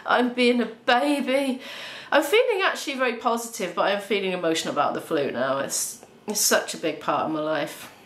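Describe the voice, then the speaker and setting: A woman's voice: mid-range voice, animated, normal speed, fairly bright tone. A woman vlogging at home, talking to camera in a chatty, rambling, emotional way. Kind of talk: casual vlog chat to camera. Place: at home, indoors. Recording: echoey room.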